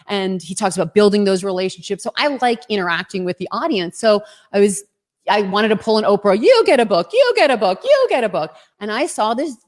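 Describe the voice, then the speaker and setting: A woman hosting an online webinar, enthusiastic and chatty, telling a story to introduce her guest. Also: medium pitch. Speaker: webinar host.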